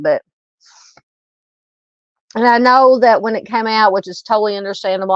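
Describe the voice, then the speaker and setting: Hosting a live true crime stream, a middle-aged Southern woman with hiccups chats casually, rambling through greetings and viewer comments with lots of fillers and restarts. Her voice is mid-range, and the audio is dull with no echo.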